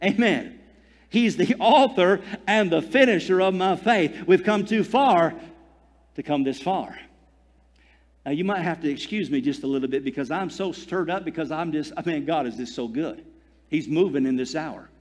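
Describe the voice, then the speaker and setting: A man's voice: a little high, expressive, moderate pace. A man preaching a fervent sermon as pastor, repeating phrases and calling for amens. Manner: fervent preaching, dwells on phrases and calls for amen. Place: church. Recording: long hall reverb.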